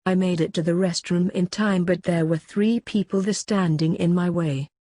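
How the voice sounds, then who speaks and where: A woman reading an amateur first-person audiobook in a plain, steady way. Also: fairly low pitch, normal speed, no room sound. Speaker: audiobook narrator.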